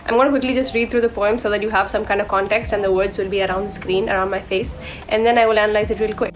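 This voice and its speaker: Casually reviewing books she's read, a young book vlogger from India speaks fast in a steady, mid-range voice. Her chat wanders and she fixes her own sentences partway through. The recording is dull and lo-fi, with faint music behind her.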